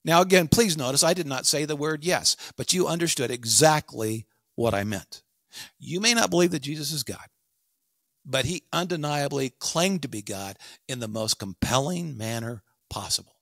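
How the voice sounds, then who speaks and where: A man with a somewhat high voice delivers a scripted teaching monologue to his listeners. He speaks with strong emphasis and slows down to drive his key points home. The recording is dry and close, with no room sound. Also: animated, vocal fry, fairly bright tone, dry recording. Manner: emphatic, addresses listeners directly. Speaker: podcast host.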